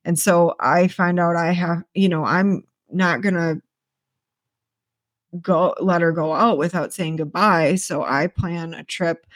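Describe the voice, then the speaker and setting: Low-voiced woman telling a story. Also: slow, no echo. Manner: rambling, animated, with restarts and swearing. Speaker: podcast host. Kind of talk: casual storytelling monologue.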